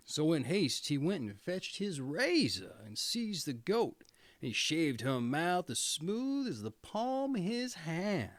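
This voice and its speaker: A man reads a fairy tale aloud with theatrical expression and a slightly high voice. He takes his time and his pitch moves a great deal. The sound is dry and close. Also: big pitch swings, slow, no echo. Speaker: storyteller. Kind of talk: storybook reading.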